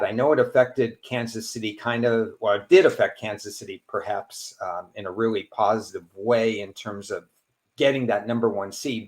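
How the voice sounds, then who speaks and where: Low-voiced male podcast host. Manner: asks long, rambling questions. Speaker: podcast host, sports handicapper. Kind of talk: casual podcast interview.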